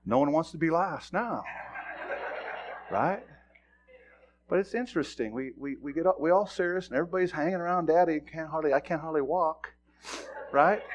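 A middle-aged male pastor preaching a sermon, telling a personal story in a folksy, animated way with sudden loud bursts. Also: high voice, muffled recording.

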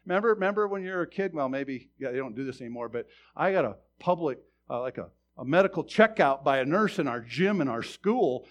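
A man in his fifties preaching a sermon, telling a personal story in a conversational way, often restarting words and swinging from loud preaching to quiet asides. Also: a little high, lively intonation, brisk, hardly any pauses. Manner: stammering restarts. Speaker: pastor.

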